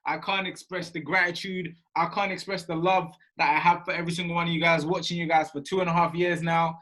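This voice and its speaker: A man's voice: a little high, level tone, fast. A man with a London accent hosting a live stream, gushing with thanks and praise. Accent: London English. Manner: warm thanks, effusive, gushing. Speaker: host.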